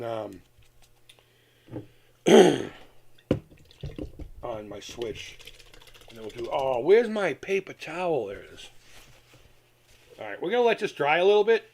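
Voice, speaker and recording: A man hosting a casual live stream from home, rambling and swearing as he reads chat aloud and works on a craft project. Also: mid-range voice. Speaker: retro gaming channel host.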